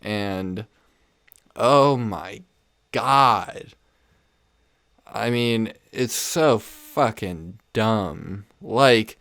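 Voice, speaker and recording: A man's voice: on the low side, a bit bright, no echo, studio quality. Profane rambling podcast host, man. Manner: profane, rambling, laughs often. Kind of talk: casual comedic rant. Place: home room.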